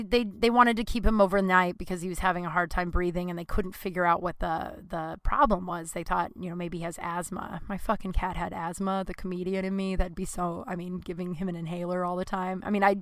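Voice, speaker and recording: Podcast host, young woman, bright crisp voice, dry close mic, emotional rambling monologue. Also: on the low side, steady tone, fairly quick, hardly any pauses, no echo. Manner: emotional, rambling, swears freely, voice swings up when upset. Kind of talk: casual personal podcast monologue.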